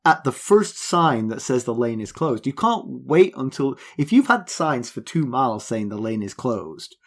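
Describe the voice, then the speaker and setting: A man's voice: mid-range voice, sing-song, normal speed. A man co-hosting a podcast, teasing his partner with wry banter in casual chat. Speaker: podcast co-host.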